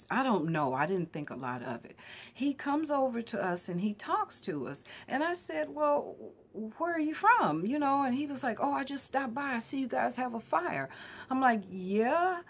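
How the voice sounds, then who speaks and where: A woman vlogger earnestly telling personal stories to her viewers in a conversational, emphatic way. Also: mid-range voice.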